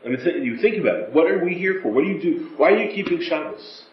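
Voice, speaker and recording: A man's voice: fairly high pitch, lively intonation, quick pace. A middle-aged man teaching a class on prayer, speaking earnestly and acting out pleading prayers. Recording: roomy, dull lo-fi class recording.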